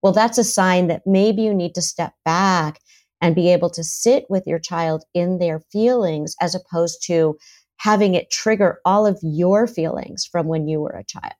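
Lively woman therapist, low voice. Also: normal speed. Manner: animated, acts out parents' and children's voices. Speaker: therapist and author, guest. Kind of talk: conversational podcast interview.

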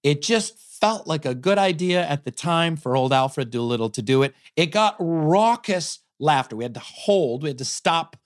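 A man co-hosting a podcast who is an actor himself, telling an anecdote with animated, self-amused energy. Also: fairly high pitch, normal speed, few pauses. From United States. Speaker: co-host, actor. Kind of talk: casual podcast chat, storytelling.

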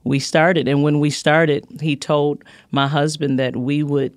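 A woman's voice: low voice, level tone, unhurried, no echo. Middle-aged woman, pastor, guest interview, earnest, repeats herself, dry booth sound. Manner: earnest, repeats words as she builds a point. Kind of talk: casual conversational interview.

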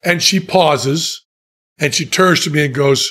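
A man telling funny stories in casual chat, deadpan and self-mocking, laughing at his own jokes. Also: on the high side, a little slow. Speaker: podcast guest telling stories.

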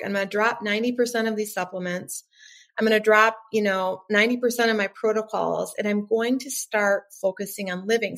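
A middle-aged woman speaks as a podcast guest in casual conversation, her pitch sitting in a middle range. She tells her story earnestly and often slips into acting out what she used to think. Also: gravelly. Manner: earnest storytelling, acts out her own past thoughts. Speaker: podcast guest, nervous system coach. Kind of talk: casual interview chat.

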